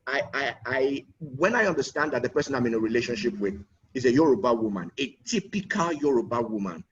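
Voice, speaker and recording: A man's voice: medium pitch, lively intonation, fairly quick, a little hiss or hum. A man giving an earnest conference talk as a guest speaker, often repeating words as he builds a point. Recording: distant muffled online audio.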